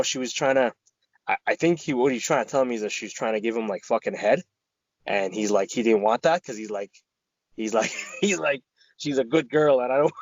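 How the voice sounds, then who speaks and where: A podcast co-host with a medium-pitched, slightly mellow voice tells a rambling, profane story in casual chat, acting out his friends' lines. There's no echo, and the audio sounds dull.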